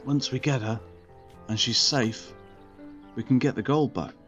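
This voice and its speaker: A man's voice: mid-range voice, fairly even intonation, measured pace, faint music behind. A man playing a tabletop game, stammering and restarting his sentences often. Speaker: player. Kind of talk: tabletop game role-play. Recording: dull lo-fi audio.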